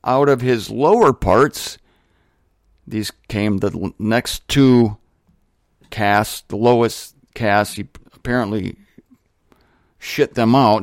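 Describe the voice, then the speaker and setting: A man hosting a show alone, talking casually with joking asides and lively shifts. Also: mid-range voice, no room sound, studio quality. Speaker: host. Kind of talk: casual monologue on religion.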